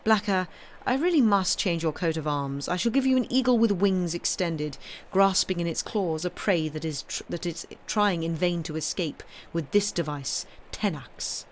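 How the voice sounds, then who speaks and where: A woman's voice: fairly low pitch, animated, moderate pace, a little hiss or hum, natural voice. A woman reading aloud, voicing an aging king who is wry and commanding. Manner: imperious, teasing.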